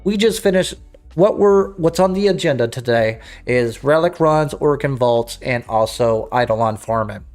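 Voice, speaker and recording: A man hosting a casual gaming livestream, talking off the cuff with frequent restarts and throat-clearing. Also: medium pitch, expressive, moderate pace, darkish tone, soft background music. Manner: rambling, self-interrupting, clears throat. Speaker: livestream host.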